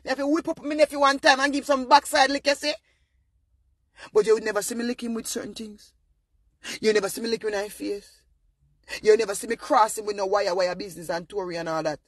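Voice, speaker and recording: Emphatic Jamaican man, bright high voice. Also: no echo. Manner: emphatic, often rising to near-shouting. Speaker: vlogger. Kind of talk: casual monologue to viewers.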